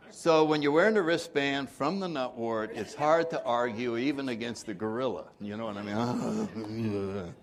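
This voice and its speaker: A man leading a twelve-step recovery workshop, joking with the room and acting out the people he quotes. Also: mid-range voice. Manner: jokey, acts out quoted voices, laughs often.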